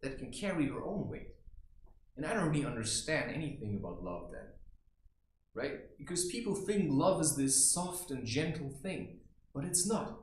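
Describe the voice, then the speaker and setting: In an echoey indoor room, a man with a slightly high, sing-song voice at normal speed plays a blunt, boastful macho barbarian. His comic monologue rambles on, and he keeps throwing in "right?"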